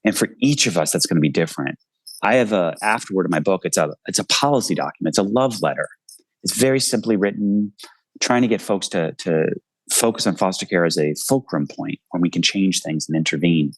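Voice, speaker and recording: His voice sits low and sounds animated as this author in his forties, a guest on a video call interview, talks fairly quickly from his home. Earnest and impassioned, he speaks in bursts; there's no room sound, but the recording is low quality.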